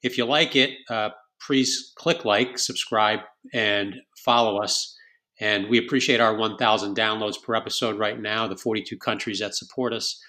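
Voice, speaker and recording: A man's voice: fairly low pitch, steady tone, normal speed, sharp tone. A man hosting a podcast who wraps up the episode with effusive thanks to the guests and plugs for the show. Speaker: podcast host. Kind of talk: closing thanks and sign-off.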